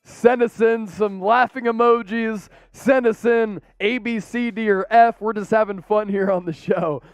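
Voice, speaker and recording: A man hosting a rowdy live-stream watch party, calling plays in an excitable, laughing, casual manner. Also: high voice, a little slow, clean tone, dry recording. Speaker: host.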